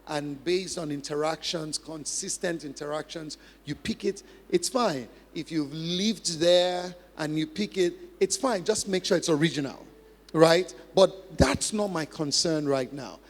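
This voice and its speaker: High-pitched man preaching in a hall. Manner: emphatic, repeats key phrases, mimics practice drills. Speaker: pastor. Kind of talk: sermon. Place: large church hall. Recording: long hall reverb.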